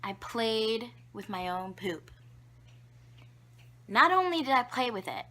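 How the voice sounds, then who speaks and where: A woman's voice: on the high side, pushed and bright. A young woman telling embarrassing childhood stories to camera, chatty and giggly, with lots of fillers and whispered asides. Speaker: vlogger. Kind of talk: casual storytelling to camera.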